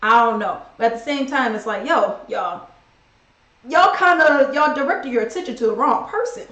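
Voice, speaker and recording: A woman vlogger giving her opinion in a casual, animated, slangy monologue. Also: a little high, moderate pace, dull audio. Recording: echoey room.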